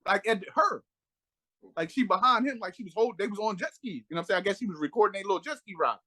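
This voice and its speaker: In a casual podcast conversation, a high-pitched, fast-talking co-host animatedly recounts stories. Whenever he quotes someone, he performs them in a raised voice.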